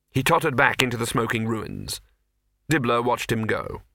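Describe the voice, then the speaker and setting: A man narrating a comic fantasy audiobook as an expressive storyteller. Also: mid-range voice, normal speed, no room sound, studio quality. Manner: expressive storyteller voicing many characters.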